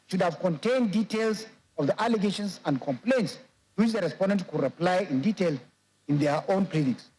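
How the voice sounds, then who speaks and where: A man with a Nigerian English accent, serving as a judge and reading a court judgment aloud in a measured, formal way. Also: high-pitched, a little mellow, a little hiss or hum, low-quality recording.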